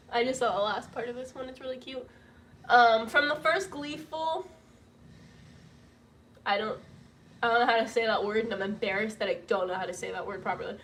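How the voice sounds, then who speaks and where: A young woman with a high voice chats casually to her viewers, moving between soft gratitude and excited squeals. She sounds emotional and gushing, often laughing through tears. The mic sits a little away from her. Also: normal speed, pauses often, distant mic. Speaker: vlogger reading donation messages. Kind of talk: casual livestream chat. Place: home room with roof work banging.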